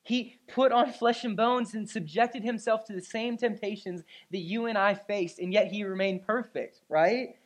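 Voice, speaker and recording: A woman preaching a sermon, telling an animated personal story with frequent "right?" and "you know?" asides to the congregation. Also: medium pitch, moderate pace, few pauses.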